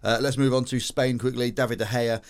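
A man's voice: medium pitch, level tone, brisk. A man co-hosting a podcast in casual chat. He leads the talk, teases his partner and acts out what others said. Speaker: podcast co-host.

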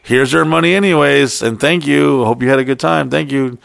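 A young man with a gravelly, creaky voice spins a rambling, profane anecdote on a podcast. He talks casually into a close mic in a dry room. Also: medium pitch, a little fast, no room sound. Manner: profane, animated anecdote-telling. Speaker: podcast co-host. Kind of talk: casual storytelling chat.

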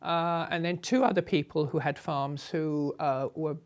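An older woman from the south of England tells her travel memories in a relaxed, chatty voice. Her pitch sits a little low, and light laughs keep breaking into her phrases. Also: unhurried. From England (Sussex). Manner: chatty, anecdotal, laughs often between phrases. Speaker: traveller recounting her journey. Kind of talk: conversational travel memoir.

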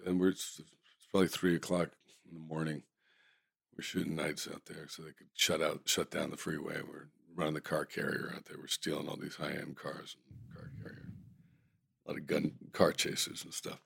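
In a gravelly bass voice that's a bit bright with a breathy edge, an actor guest casually shares amused anecdotes from a movie set at a normal pace and level tone. He rambles and corrects himself mid-sentence, and the audio is clean studio sound with no echo.

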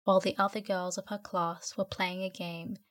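A woman narrating a classic novel as a bedtime sleep story, in an even storytelling manner. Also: on the low side, normal speed. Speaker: audiobook narrator.

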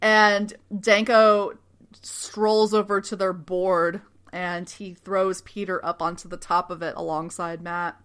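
A woman co-hosting a casual show recap, animated and acting out characters in quick put-on voices. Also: fairly low pitch, clear, resonant tone. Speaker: podcast co-host.

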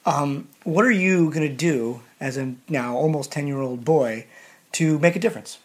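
Low-voiced woman asking probing questions. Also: moderate pace. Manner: calm, probing questions with some hesitation. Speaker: interviewer. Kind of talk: conversational interview.

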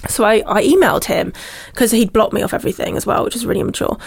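A woman, a podcast guest, telling a personal story in casual chat, animated, mimicking other people's voices and laughing as she goes. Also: medium pitch, quick pace, vocal fry, breathy edge.

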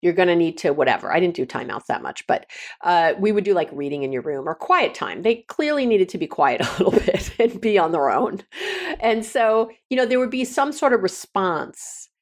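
A woman's voice: mid-range voice, animated, normal speed. A middle-aged woman hosting a podcast, giving frank, casual relationship advice with many restarts and repeated words. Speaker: podcast host and counselor.

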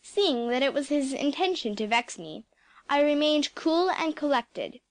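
A woman's voice: sits high, very animated, unhurried, no echo. A woman narrating a first-person story, reading expressively with dramatic touches and whispered asides.

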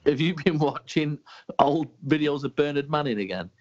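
Man, podcast co-host, lively sweary teasing, dull lo-fi recording. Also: on the high side, moderate pace. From England. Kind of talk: casual banter. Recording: dull lo-fi sound.

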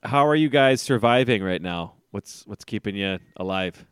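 A man in his forties with a smooth, resonant voice, sitting a little low in pitch. He co-hosts a podcast in loose, joking chat, swears freely and laughs a lot. The sound is dry and close. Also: animated, normal speed, a bit bright, dry recording. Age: 40s. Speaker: podcast co-host. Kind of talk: casual chat.

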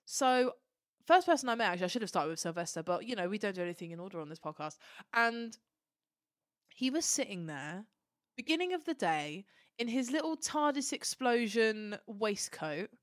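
A woman co-hosting a fan podcast, telling a long story in a gushing, animated way and swearing casually. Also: medium pitch, normal speed, no echo, clean studio sound. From Turkish heritage. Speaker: podcast co-host. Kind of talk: casual chat.

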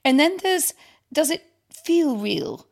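A woman's voice: high voice, lively intonation, slow pace, vocal fry. A woman hosting an interview, asking probing, articulate questions. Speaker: interviewer host.

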